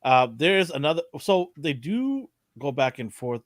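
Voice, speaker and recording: A man with a lively, up-and-down voice leads a loose chat, teasing his co-hosts and laughing between points. The sound is dry and close. He keeps the talk moving with quick prompts. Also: on the high side, dry recording. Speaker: podcast host leading the discussion. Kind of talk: casual chat reviewing a TV episode.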